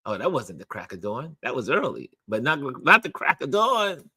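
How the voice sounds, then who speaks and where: A middle-aged man hosts a casual morning live stream and reads viewer comments aloud. His pitch sits in the middle of the range but swings widely and sing-song. He talks chattily and repeats his phrases. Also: very animated, moderate pace, bright, forceful tone, breathy edge. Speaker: host of a daily live stream. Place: New York.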